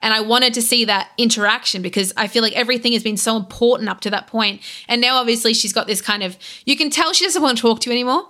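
A young Australian woman chatting casually on a podcast, animated and laughing, acting out characters' lines as she retells a game. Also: a little high, quick pace, hardly any pauses. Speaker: podcast guest.

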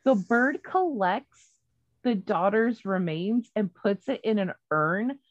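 A woman's voice: medium pitch, expressive, slow pace, no echo, muffled recording. A woman retelling a story in casual chat, rambling and swearing freely, with many fillers and restarts.

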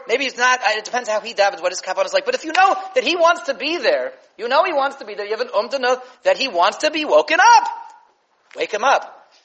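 A man teaching a Torah lesson as a rabbi, lively and full of fillers and restarts. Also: very high-pitched, low-quality recording. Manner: animated, with many fillers and restarts.

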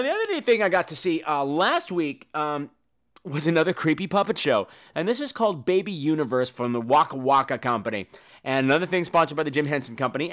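A man's voice: a little high, a bit bright. A man hosting a comedy podcast, ranting in a campy, profane way and acting out the people he quotes. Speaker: podcast host. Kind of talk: comedic rant.

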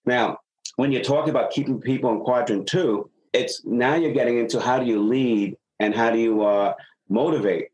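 Animated male sales consultant. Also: medium pitch, moderate pace, rough recording. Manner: animated storyteller, acts out dialogue. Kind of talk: podcast interview.

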